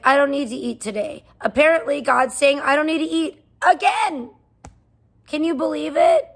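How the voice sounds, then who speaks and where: A woman's voice: high voice, gravelly. A young woman streaming from home, venting in a profane, rambling rant. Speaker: livestreamer. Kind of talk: angry livestream rant.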